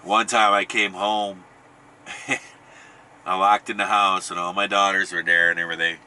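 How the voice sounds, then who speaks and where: A man's voice: low-pitched, level tone, a little slow, sharp tone. A middle-aged man casually telling a rambling family story, often restarting and chuckling. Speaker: podcast host.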